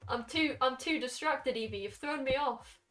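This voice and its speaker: Excitable high-voiced young woman streamer. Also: normal speed. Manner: excitable, gushing, talks to chat. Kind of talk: casual live-stream chat. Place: her bedroom.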